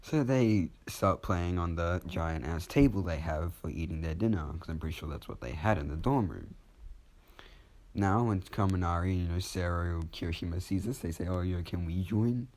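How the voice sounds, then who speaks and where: A man's voice: deep voice, expressive, moderate pace, darkish tone. A man telling a fan story off the cuff, rambling casually and correcting himself as he goes.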